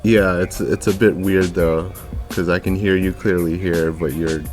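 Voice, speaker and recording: A man's voice: low-pitched, steady tone, a little slow, over music. A man chatting casually on a headset call, hesitant and easygoing. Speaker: colleague on a call. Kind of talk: casual chat.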